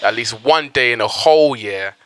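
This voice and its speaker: A young man talks in a loose, blunt way, swearing often as he makes his points. His voice is bright and forceful. The sound is dry and close. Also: medium pitch, moderate pace, dry recording. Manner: blunt, swears a lot, animated storytelling. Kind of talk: casual chat.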